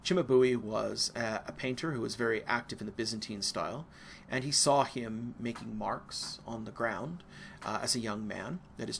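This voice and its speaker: American man, lecturer, bright tone, digressive, slight background noise. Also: medium pitch, creaky. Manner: casual, digressive, with asides and fillers. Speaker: art history lecturer. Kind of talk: recorded university lecture.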